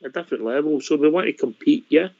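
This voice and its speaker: A man's voice: a little high, fast, gravelly, darkish tone, no echo. Scottish man, fan radio host, casual, dull dry audio. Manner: chatty, matey sign-offs. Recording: lo-fi dry online call audio.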